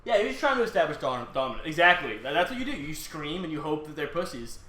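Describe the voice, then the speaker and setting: A man's voice: on the high side, big pitch swings, fast, bright, forceful tone. A man co-hosting a podcast in casual chat, throwing in joking, sarcastic asides. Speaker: podcast co-host. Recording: echoey room with faint background noise.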